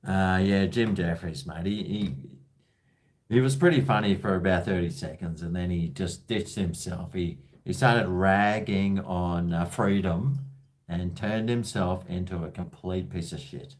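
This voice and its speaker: Australian male host, lowish voice, blunt and sweary, rambling call-in chatter. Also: unhurried. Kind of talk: casual call-in chat.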